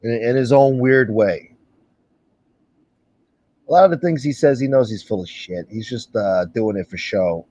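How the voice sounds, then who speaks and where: A man's voice: medium pitch, normal speed, long pauses, mellow, lo-fi sound. A male livestream host in a casual, profane rant, blunt and sarcastic, swearing often.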